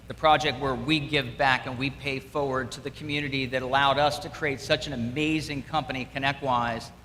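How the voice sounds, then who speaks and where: In a school hall before an audience, a middle-aged donor gives students an emphatic, upbeat motivational speech built on repeated key words. His voice sits on the high side with a sharp tone, and the echoey recording has faint room noise.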